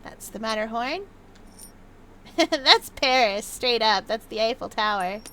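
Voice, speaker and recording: A little hiss or hum runs under the audio as a young woman hosts a gaming video, chatting playfully while she plays. Her fairly high, slightly bright voice moves with lively intonation at a slow pace. She sometimes reads notes aloud with a mock old-fashioned flair in this casual let's-play commentary.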